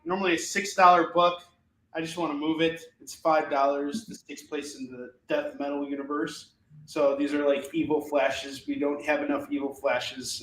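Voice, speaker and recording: A man's voice: on the high side, fairly bright tone, roomy sound, recorded from a distance, rough recording. A man with a Chicago accent hosting a casual live sale of comic books, with rambling, upbeat salesman patter. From Chicago, US Midwest. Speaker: host selling comic books. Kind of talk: casual live-selling chat.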